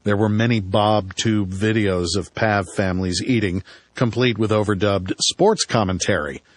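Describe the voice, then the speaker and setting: Male audiobook narrator, low-pitched, dry and wry. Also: steady tone, normal speed, no room sound. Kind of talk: first-person audiobook narration.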